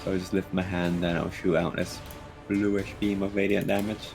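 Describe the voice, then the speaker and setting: A man playing a tabletop role-playing game, describing his character's actions at an unhurried pace. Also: low voice, level tone, creaky, music in the background. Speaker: player.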